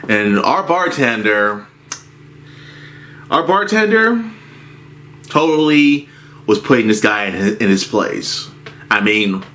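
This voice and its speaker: A man with a low-pitched voice tells a rambling workplace story in a casual rant. He talks slowly, circling back and restarting his sentences. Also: a bit bright, a little hiss or hum. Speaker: movie theater worker.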